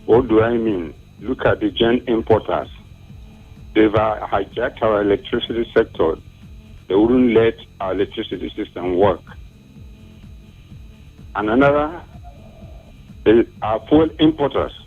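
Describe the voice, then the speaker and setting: A man's voice: fairly low pitch, unhurried, long pauses, breathy edge, soft background music. A Nigerian man calling in to a radio show, laying out his complaints point by point. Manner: steady, list-like complaint. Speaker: caller. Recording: tinny phone line.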